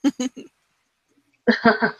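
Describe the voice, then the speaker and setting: A woman's voice: extremely slow, noisy background. A woman hosting a casual live stream chat, chatty and laughing often.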